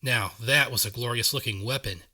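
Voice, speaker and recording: Brief: male audiobook narrator, bright tone, even middle pitch, steady reading. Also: normal speed. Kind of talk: first-person story narration.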